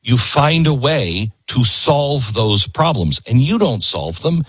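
Man, middle-aged talk host, lively swinging pitch, slightly husky, emphatic commentary. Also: slow pace, no echo. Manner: emphatic, repeats his points for force. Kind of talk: political commentary monologue.

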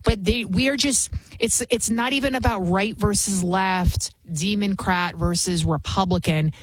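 Husky, fervent woman host. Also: mid-range voice, fairly even intonation, measured pace, no echo, rough recording. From United States. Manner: fervent and emphatic, rambling with many restarts. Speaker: political commentary host. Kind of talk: political commentary monologue.

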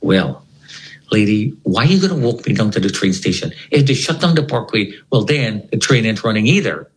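A man with a fairly low voice tells a personal story to an interviewer. His pitch swings widely as he tells it. He acts out each person's voice in turn, with plenty of energy. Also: sing-song, fairly quick, rough recording. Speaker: interview guest.

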